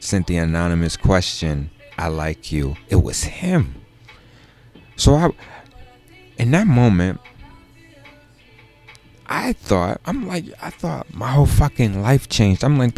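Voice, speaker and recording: A young man, a comedian, telling a personal story in a loose, profane, animated way, often jumping up into high exclamations. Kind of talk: storytelling monologue.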